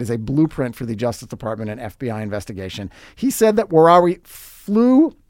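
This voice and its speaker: Male podcast host, sarcastic and wry, slightly high voice, dry close sound. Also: no echo. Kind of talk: scripted sports commentary.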